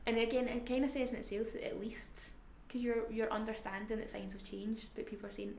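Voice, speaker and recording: A woman's voice: fairly high pitch, little pitch movement, gravelly, darkish tone. Reflective woman in an echoey room. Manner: reflective and halting, often drifting to a near-whisper. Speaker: family carer. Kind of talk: candid personal interview. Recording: echoey room, faint background noise.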